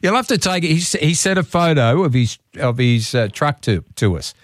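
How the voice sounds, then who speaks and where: An Australian man hosting a morning radio show, chatting with callers in a brisk, friendly, matey way. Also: on the high side, animated, dry recording, studio quality. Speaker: radio host. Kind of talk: casual radio chat with callers. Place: radio studio.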